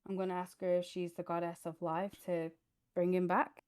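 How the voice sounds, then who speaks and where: A woman's voice: on the low side, flat delivery, moderate pace, darkish tone, smooth, no room sound, clean studio sound. A woman playing a tabletop game, talking casually and hesitantly with many fillers. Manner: hesitant, lots of fillers, giggly. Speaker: player.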